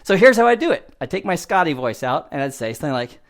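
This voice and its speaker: A man in his fifties giving a motivational IT training lesson in an animated, conversational way, often laughing at himself. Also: a little high, fast, few pauses. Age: 50s. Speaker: IT instructor.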